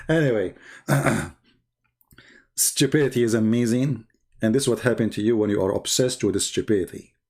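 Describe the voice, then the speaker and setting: A husky-voiced man holds forth on a live stream, full of sarcasm and mockery. His English is non-native and loosely phrased, and he slips into arguing in his opponents' voices. The tone never settles into anything earnest. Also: mid-range voice, normal speed, long pauses, darkish tone. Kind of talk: mocking live-stream rant.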